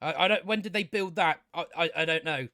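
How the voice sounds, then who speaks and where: A man's voice: fairly high pitch, a little fast, pushed and bright, dry recording, clean studio sound. A man ranting sarcastically about a movie, often stammering and restarting his sentences. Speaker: movie commentator. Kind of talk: casual opinion rant.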